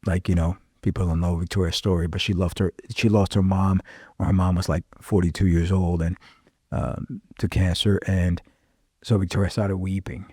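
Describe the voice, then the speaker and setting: A man, a pastor, recounting a personal testimony in a casual interview, lively, acting out the voices of people in the story. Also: low voice, moderate pace, slightly rough, dry recording, clean studio sound. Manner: animated storyteller, voices quoted dialogue. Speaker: pastor, guest.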